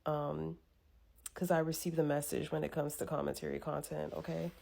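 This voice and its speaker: A woman offers casual, wry commentary. Her voice is very low and flat, with a heavy gravelly fry running through it. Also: moderate pace. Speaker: social media commentator.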